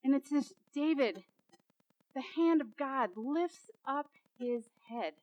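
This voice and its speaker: A woman preacher with a high voice delivers a dramatic sermon. She speaks slowly, repeats her phrases and builds them to emphatic peaks. The recording is dry and close. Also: darkish tone, no echo, dull audio.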